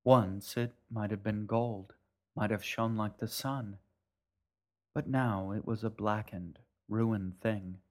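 Slow, low-voiced male narrator. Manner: calm, measured storytelling. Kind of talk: scripted narration.

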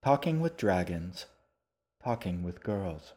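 A man narrating an audiobook in an even, unhurried storytelling manner. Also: low voice. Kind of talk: scripted narration.

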